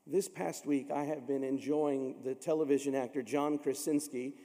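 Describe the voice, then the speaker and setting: A man's voice: mid-range voice, steady tone, normal speed, dark tone, big-room sound. A man from Illinois preaching a sermon, telling stories dramatically and acting out the voices of the people in them. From Illinois, USA. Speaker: pastor.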